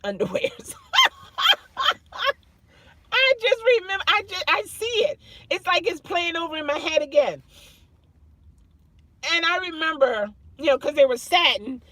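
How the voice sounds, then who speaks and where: A woman's voice: high-pitched, a bit bright, no room sound. A woman vlogger telling a personal story to camera in an earnest way, often repeating phrases and restarting her sentences.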